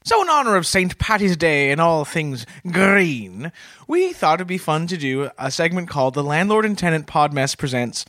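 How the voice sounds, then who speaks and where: A man co-hosting a comedy podcast in earnest, mild banter with a quick chuckle. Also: fairly high pitch, very animated, a bit bright, dry recording, studio quality. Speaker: podcast co-host.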